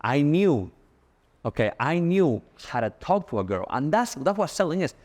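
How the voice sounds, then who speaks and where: A man giving a casual, punchy sales coaching talk, now and then acting out sample pitches. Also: big pitch swings, normal speed, a little mellow.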